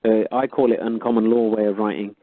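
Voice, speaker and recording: A man's voice: fairly low pitch, level tone, quick pace, no room sound. A man co-hosting a radio show, chattily explaining with made-up examples. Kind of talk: casual radio talk, explaining. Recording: dry, narrow phone-like radio audio.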